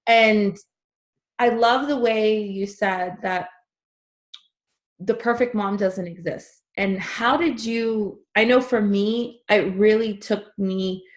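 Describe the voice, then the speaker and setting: Woman host, mid-pitch voice, soft and chatty, lots of likes. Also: slow pace. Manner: soft-spoken, frequent "like". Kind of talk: conversational interview.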